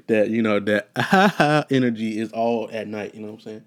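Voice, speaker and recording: A man's voice: fairly low pitch, a little fast, hardly any pauses. Rambling young man hosting a solo podcast. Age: young adult. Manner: rambling, profane, joking, off-topic. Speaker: podcast host. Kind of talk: casual solo podcast monologue.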